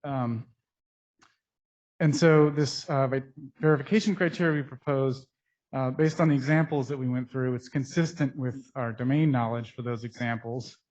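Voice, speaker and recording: Male scientist at a conference mic, mid-pitched, halting and technical, dull muffled sound through a mask. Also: fairly even intonation, darkish tone. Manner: technical, halting with frequent pauses. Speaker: scientist presenting research. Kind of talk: conference lecture. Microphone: speaking into a mic.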